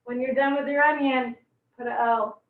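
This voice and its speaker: With a high-sitting voice, fairly even intonation, and a moderate pace, a young woman teaches a live online cooking class. She chats and laughs with frequent exclamations as onions make her eyes water, and the audio is echoey, distant, and phone-like.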